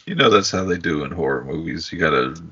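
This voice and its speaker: A man's voice: very deep voice, lively intonation, fast, bright, forceful tone, slightly rough, lo-fi sound. A man co-hosting a podcast, adding wry, joking asides in a casual movie chat. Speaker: podcast co-host.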